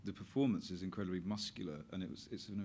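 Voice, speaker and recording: A man interviewing on stage, halting and repeating words as he frames questions. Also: deep voice, warm tone, a little hiss or hum.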